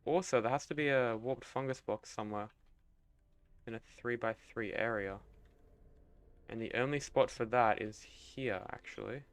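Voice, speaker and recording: A young man streaming a building game, thinking aloud in a relaxed, mumbly way, trailing off and swearing casually. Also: medium pitch, normal speed, no room sound.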